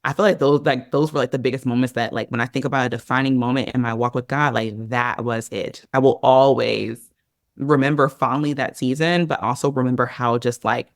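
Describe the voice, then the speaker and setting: A woman guest on a podcast, telling a personal story in an animated, chatty way, full of "like" and "girl". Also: rumbling low, fairly quick, dry recording, studio quality. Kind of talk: casual storytelling in an interview.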